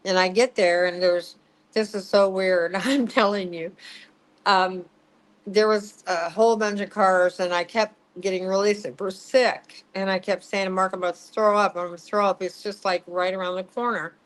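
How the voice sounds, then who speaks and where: A woman's voice: mid-range voice, fairly even intonation, moderate pace, poor audio. A middle-aged woman, a psychic medium, telling a story in an interview, laughing, swearing and acting out what people said.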